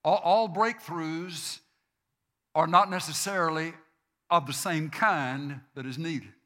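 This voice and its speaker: A man preaching a sermon, slow and deliberate, repeating phrases for emphasis. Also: fairly high pitch, pushed and bright. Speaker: pastor.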